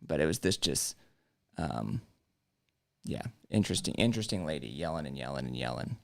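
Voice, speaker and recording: A man's voice: very deep voice, very animated, moderate pace, gravelly. A man co-hosting a live stream show, telling casual anecdotes with jokes and free swearing. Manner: joking, casual storyteller, swears freely. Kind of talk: casual chat.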